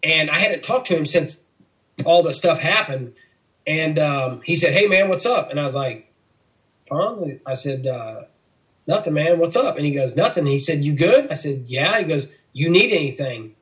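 A middle-aged man from Missouri speaks in a slightly raised pitch, telling a personal faith testimony. He talks earnestly and plays out each quoted line of dialogue as he goes. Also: expressive, moderate pace, fairly bright tone, rough recording. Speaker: interview guest.

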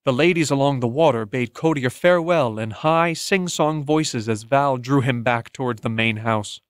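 Steady male audiobook narrator, dry. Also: mid-range voice, clear, resonant tone, dry recording. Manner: measured, steady storytelling. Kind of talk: scripted narration.

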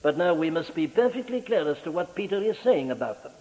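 A man preaching a sermon in an impassioned, rhetorical way, his pitch sweeping up on key words. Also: very animated, fairly quick, dark tone, long reverb tail, low-quality recording.

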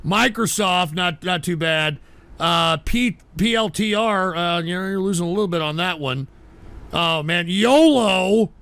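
A man with a high, gravelly voice and a sharp, bright tone, hosting a livestream. He is short-tempered and loud, swearing at his chat. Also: measured pace, no room sound. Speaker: livestream host. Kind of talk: ranting livestream talk.

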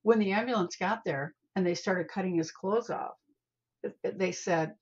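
An older woman, a spiritual healer, telling a story in an interview in an animated way and calling the host honey. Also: mid-range voice, moderate pace, husky, highs cut off.

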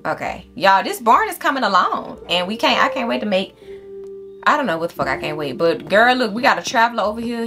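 A woman hosting a casual game playthrough, chatting and swearing freely at her viewers and talking to the animals in the game. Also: lowish voice. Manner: chatty, profane, talks straight to viewers. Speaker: gaming channel host. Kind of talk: casual let's-play commentary.

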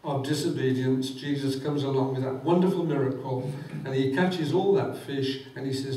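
A man's voice: mid-range voice, normal speed, hardly any pauses, dark tone. Fervent preacher man in an echoey church. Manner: fervent, quotes scripture with rising emphasis. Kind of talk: sermon. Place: church hall. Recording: echoey church hall, mic at a distance.

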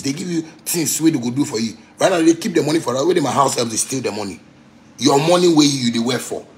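A man with a Ghanaian Pidgin English accent, ranting bluntly and defiantly to fans on a phone livestream. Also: medium pitch. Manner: blunt, defiant, repetitive, swears freely. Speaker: musician talking to fans live. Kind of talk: livestream rant.

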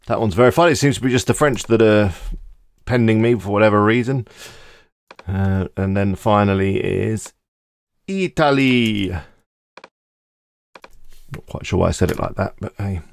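A man hosting a screen-recorded software tutorial, talking casually and thinking aloud as he clicks through each step. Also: on the low side, fairly even intonation, normal speed, long pauses, no room sound. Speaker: tutorial host.

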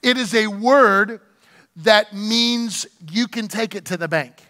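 A man's voice: high voice, slow, bright, forceful tone, big-room sound. A man preaching a sermon as pastor in a church, speaking to the congregation and asking them to respond. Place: church sanctuary.

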